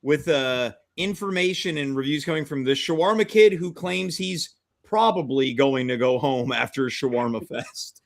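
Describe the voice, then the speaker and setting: Gravelly male host teasing his guests. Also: medium pitch, normal speed, hardly any pauses. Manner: joking, teasing banter. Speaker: podcast host. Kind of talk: casual chat.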